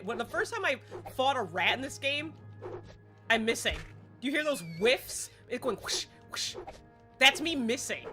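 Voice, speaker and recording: A woman's voice: a little high, sharp tone. A woman livestreaming a game at home, chatty and self-deprecating in casual gameplay commentary.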